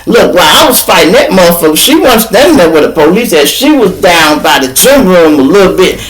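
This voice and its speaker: An older man from Chicago hosting a podcast, telling a story in a casual, animated way, full of profanity and spoken sound effects. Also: high voice, a little fast, slight background noise, poor audio. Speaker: podcast host.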